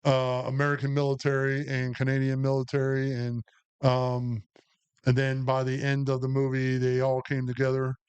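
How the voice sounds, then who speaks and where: A man's voice: mid-range voice, monotone, normal speed, a little mellow, clear, resonant tone. A middle-aged man, an Army veteran co-hosting a podcast, telling stories in a rambling way full of fillers. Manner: rambling, anecdotal, heavy with fillers. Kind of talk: casual storytelling chat.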